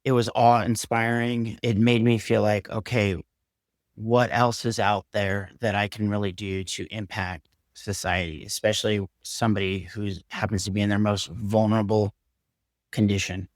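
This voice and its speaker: A man, a surgeon, telling a candid story from his career in an earnest, measured way during a podcast interview. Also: on the low side, little pitch movement, no room sound, studio quality. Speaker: surgeon guest.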